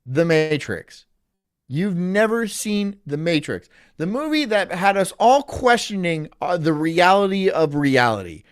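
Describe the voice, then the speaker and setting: A man's voice: high voice, big pitch swings, a little slow, clean tone. A man streaming in casual chat, ranting in an incredulous, profane way.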